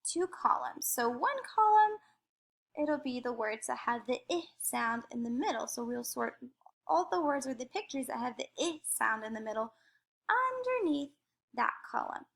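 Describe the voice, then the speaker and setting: A young adult woman teacher slowly modeling letter sounds in a phonics lesson. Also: sits high, vocal fry, fairly bright tone. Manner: slow, careful modeling of sounds.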